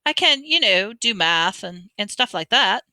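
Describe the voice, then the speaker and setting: A woman voicing an eager, bewildered eleven-year-old boy who stammers in a high voice. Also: expressive, measured pace, bright, forceful tone, no echo. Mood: defensive.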